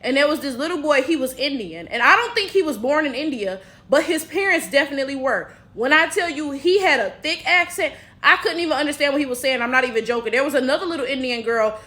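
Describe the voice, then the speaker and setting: A woman's voice: sits high, quick pace, few pauses, pushed and bright. An American woman giving a blunt, profane commentary rant to her viewers, full of rhetorical asides. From United States. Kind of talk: casual commentary vlog.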